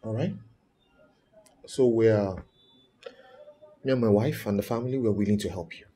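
Actor as gentle husband, low mellow voice, music under. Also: male voice, a little hiss or hum, natural voice. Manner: calm, gentle, measured. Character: kind supportive husband and father.

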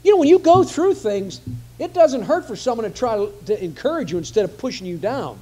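High-voiced man preaching a sermon. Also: big pitch swings, brisk, dark tone. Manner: conversational preaching with repetitions.

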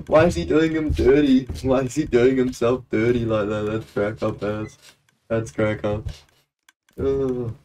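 A man's voice: mid-range voice, dark tone, slight background noise. A young man chatting casually while live-streaming a game, laughing often and breaking into playful auctioneer calls. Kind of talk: live gameplay stream commentary.

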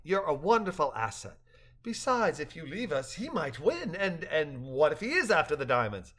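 Gerald, an excitable, animated storybook character, read by an older man, pitched well above his natural voice and bursting with energy. He sounds eager and lively throughout. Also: normal speed. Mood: excited.

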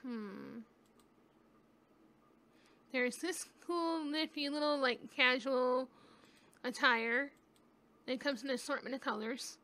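A woman talks through a game in a casual, rambling way, thinking aloud as she goes. Her voice sits high and sounds bright and clear. She takes her time, speaking at an unhurried pace into a webcam mic at home. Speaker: gaming YouTuber. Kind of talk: casual gameplay commentary.

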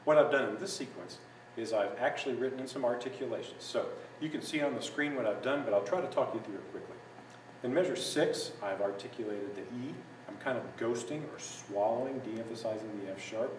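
A man giving a patient, step-by-step music lesson, sometimes singing phrases in scat syllables. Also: on the low side. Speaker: music teacher. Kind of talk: instructional walkthrough. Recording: echoey room from a distance with noise.

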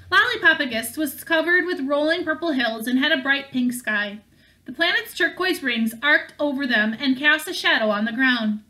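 A woman reads a novel aloud in a steady way, now and then stumbling and starting a phrase again. Her voice is high and bright. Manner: steady reading with small slips and restarts. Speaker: audiobook reader.

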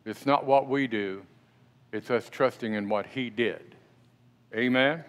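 This middle-aged pastor has a clear, resonant, mid-range voice and takes his time as he preaches in the church sanctuary. His sermon feels like a conversation, with many questions directed at the people listening.

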